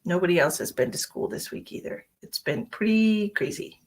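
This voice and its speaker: A woman's voice: mid-range voice, normal speed, breathy edge. Chatty woman hosting a live stream. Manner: chatty, greets viewers by name, rambling asides. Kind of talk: casual live-stream chat.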